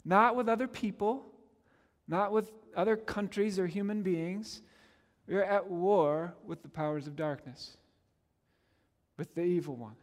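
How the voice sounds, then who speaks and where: A man preaching in a church sanctuary, his voice sitting high for a man. He drives his points home with emphatic repetition, and the sound trails off in a long hall reverb. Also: a little slow, pauses often. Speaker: pastor. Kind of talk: sermon.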